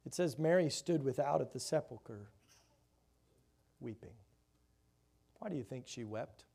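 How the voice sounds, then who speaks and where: A man preaching a sermon, reading scripture aloud and expounding on it with rhetorical questions, his voice swelling loud for emphasis and dropping soft. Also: mid-range voice, lively intonation, a little slow, gravelly, husky.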